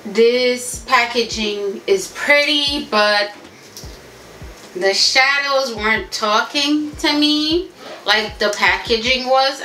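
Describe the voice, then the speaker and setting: A woman's voice: fairly high pitch, pushed and bright, roomy sound, a little hiss or hum. A woman from Haiti doing a casual beauty unboxing at home, chatty and gushing, calling her viewers y'all. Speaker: beauty vlogger. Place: home room with family noise around.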